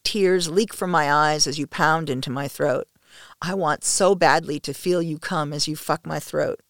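Soft-spoken woman narrating intimately. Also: low voice, a little slow, dry recording, clean studio sound. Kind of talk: intimate first-person erotic story narration.

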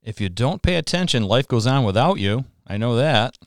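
A man's voice: medium pitch, lively intonation, moderate pace, dry recording, clean studio sound. A man hosting a podcast interview, affirming his guest and asking leading questions. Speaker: podcast host. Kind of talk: interview talk.

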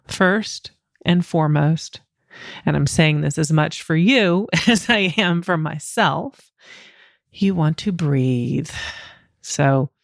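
Middle-aged woman, solo coaching podcast host; candid, self-mocking, laughs a lot, slight vocal fry, dry close mic. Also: sits low, dry recording.

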